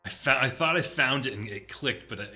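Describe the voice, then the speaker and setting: Bright-voiced man from Maine. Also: mid-range voice, fairly quick, faint music behind. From Maine, USA. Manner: chatty and expressive, with frequent laughter and restarts. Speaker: co-host doing voices in a game commentary. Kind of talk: casual game commentary.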